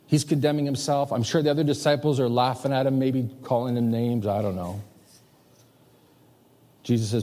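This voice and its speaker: A pastor in his fifties preaching a sermon, emphatic, swinging between loud and hushed. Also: medium pitch, fairly even intonation, moderate pace, pauses often. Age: 50s. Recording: long hall reverb.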